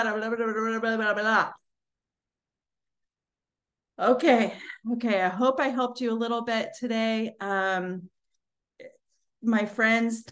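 A middle-aged woman giving a casual Christian teaching, telling stories in a lively, conversational way and laughing often. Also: mid-range voice. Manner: animated storytelling, frequent laughter; conversational, with fillers like "you know" and "like".

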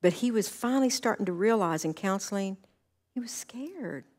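A woman's voice: mid-range voice, expressive, normal speed, darkish tone. A woman counselor giving a conversational church talk, earnest and full of stories. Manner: earnest, anecdotal, acts out quoted dialogue.

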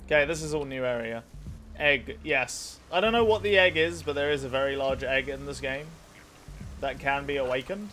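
A man's voice: mid-range voice, normal speed, pushed and bright, faint music behind. A young man with a nasal voice streaming a video game, chatting casually with his chat, swearing freely and rambling while he plays. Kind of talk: casual let's play commentary with chat.

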